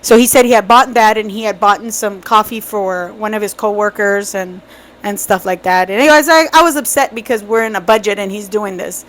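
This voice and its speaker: A woman's voice: mid-range voice, a little fast, fairly bright tone, low-quality recording. A middle-aged woman co-hosting a family podcast, recalling past events in a plain, reflective, casual way. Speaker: podcast co-host, mother. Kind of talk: casual storytelling chat.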